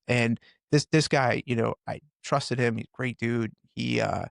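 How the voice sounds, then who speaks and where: A man in his forties, a former first responder, candidly retelling hard experiences on a podcast with intense, animated delivery. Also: medium pitch, unhurried, creaky, dry recording, clean studio sound. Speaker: podcast guest, former police officer and firefighter. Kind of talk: candid personal storytelling.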